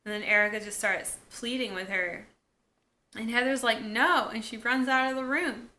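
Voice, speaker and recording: Woman reviewer, slightly high, sharp bright tone, casual episode recap full of wry asides. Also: steady tone, normal speed. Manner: retells scenes through quoted lines, with wry asides.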